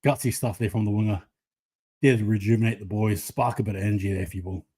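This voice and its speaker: A man on his own channel gives excitable, chatty play-by-play of a rugby league match for his viewers as it happens. His voice is husky and on the low side, and he talks fast.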